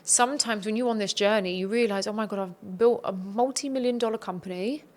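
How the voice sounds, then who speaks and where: A woman's voice: medium pitch, fairly quick, darkish tone. A woman speaking as a podcast guest, giving earnest, reflective advice in a conversational tone.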